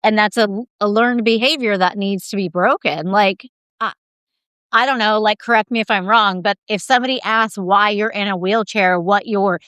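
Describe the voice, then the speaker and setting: A woman's voice: medium pitch, moderate pace, fairly bright tone, smooth, no room sound. A woman hosting a podcast, chatting casually and affirming her guest often with "yeah," sometimes swearing mildly. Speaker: podcast host.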